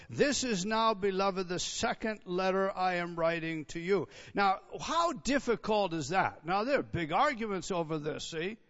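A man's voice: sits high, muffled recording. A man pastor preaching an expository sermon with an emphatic, repetitive cadence and conversational asides.

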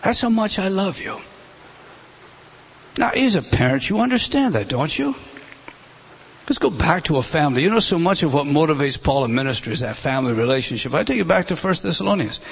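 A man's voice: fairly high pitch, very animated, quick pace, vocal fry, slightly rough. A middle-aged man preaching a sermon, emphatic, with rhetorical questions. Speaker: pastor.

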